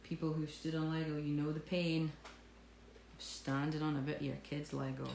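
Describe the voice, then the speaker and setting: A woman with a lower voice runs a live cake tutorial, chatting and joking at her own expense as she works. Her voice rings in a roomy studio with faint ambience in the background. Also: little pitch movement, normal speed, gravelly, darkish tone, slight background noise. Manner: jokey, self-mocking, chatty. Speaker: cake decorating instructor. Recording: echoey room with faint ambience.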